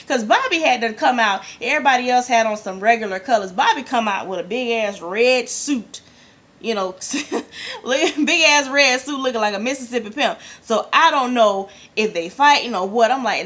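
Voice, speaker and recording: A woman, chatting casually as a vlogger, excitable and gushing, with slangy, profane asides. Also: mid-range voice, normal speed. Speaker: vlogger reviewing an awards show. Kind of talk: casual chat.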